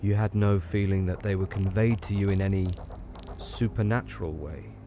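A man voicing a troubled, grave railway signalman who speaks low, hushed and halting, in an audiobook reading. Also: background noise. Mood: ominous. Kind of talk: audiobook character voice.

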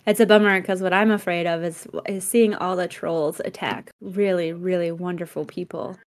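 A woman's voice: lowish voice, moderate pace. A woman co-hosting a podcast, chatting casually and acting out the people in her stories. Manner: animated storyteller who acts out quotes. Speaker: podcast co-host. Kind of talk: casual chat.

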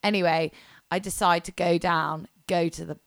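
A woman's voice: fairly low pitch, fairly even intonation, moderate pace, vocal fry, no echo. A woman co-hosting a podcast, chatty and storytelling, swearing casually. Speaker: podcast co-host. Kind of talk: casual chat.

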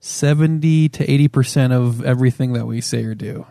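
A man's voice: mid-range voice, brisk, gravelly, warm tone, no room sound, studio quality. A man co-hosting a casual podcast chat, talking in an easygoing, reflective way. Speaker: podcast co-host.

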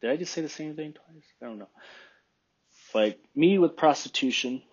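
A man's voice: a little high, animated, normal speed, breathy edge, dull audio. A man in a casual opinion monologue, rambling and thinking aloud, often questioning himself.

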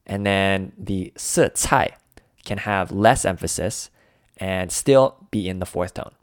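Slow, deep-voiced man on a dry mic. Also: no room sound. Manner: unhurried, walks through each dish step by step. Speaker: language podcast co-host. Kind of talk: explaining Mandarin phrases.

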